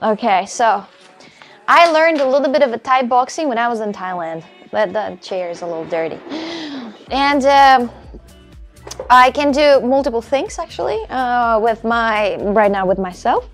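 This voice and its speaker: A woman with a Russian accent streaming live from home in a casual, rambling chat, with a slightly high voice. She keeps stumbling and repeating words as she talks. Soft music plays faintly behind her. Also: animated, normal speed.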